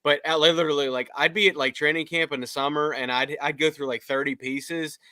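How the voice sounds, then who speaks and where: Male podcast co-host from Pittsburgh, bright and chatty, laughs through his stories, dry close sound. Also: a little high, a little fast, no echo. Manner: laughing storyteller, animated when quoting. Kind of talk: casual sports podcast chat.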